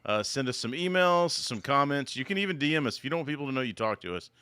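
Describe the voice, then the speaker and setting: A male podcast host talks in a loose, joking way. His voice is bright and crisp. The sound is close and dry. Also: medium pitch, sing-song, fast, dry recording. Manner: laid-back, loose and joking. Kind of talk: casual chat.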